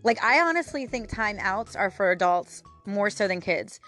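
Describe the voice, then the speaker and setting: A woman's voice: medium pitch, expressive, normal speed, fairly bright tone, faint music behind. A woman in her thirties hosting a casual solo podcast, talking candidly with frequent fillers and little laughs. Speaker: podcast host.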